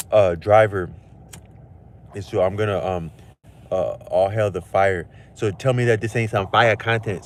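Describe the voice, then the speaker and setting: A man's voice: on the low side, a little hiss or hum. A man talking to his chat in a casual livestream monologue, rambling and slangy, with many restarts.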